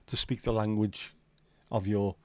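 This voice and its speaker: A man's voice: on the low side, level tone, a little slow, mellow, dry recording. A middle-aged man with a Liverpool accent, hosting a livestream and chatting casually in an opinionated, sweary, rambling way. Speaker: livestream host. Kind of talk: casual chat to a live audience.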